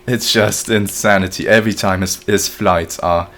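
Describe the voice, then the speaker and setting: A young man commentating his own gameplay live, excitable and profane, talking to his chat as he plays. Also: deep voice, moderate pace. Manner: excitable, profane, talks to chat while playing. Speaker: streamer.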